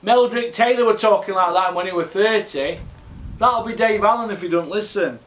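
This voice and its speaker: Man, high-pitched, blunt ranting host, scornful rhetorical questions, roomy echo. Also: moderate pace, fairly bright tone. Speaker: boxing vlog host. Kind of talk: ranting monologue.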